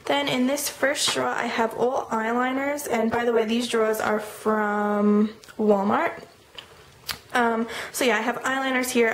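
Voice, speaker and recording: Chatty young woman, echoey room. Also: a little high. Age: young adult. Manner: chatty, lists items quickly with fillers. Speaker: beauty vlogger. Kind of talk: casual product walkthrough. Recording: echoey room with noticeable noise.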